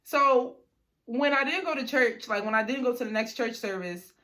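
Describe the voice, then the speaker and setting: A woman's voice: fairly high pitch, moderate pace, sharp tone. A young woman vlogger telling a personal story in a casual storytime, chatty and slangy with lots of "like" and "you know".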